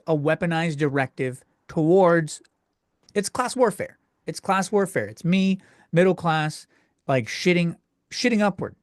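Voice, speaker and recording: A young man rants crudely through his solo comedy podcast, fumbling and restarting as he gets worked up. His voice sits a bit high for a man. He is recorded close and dry at home. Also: no echo. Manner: crude, exasperated ranting with frequent self-interruptions. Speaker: podcast host.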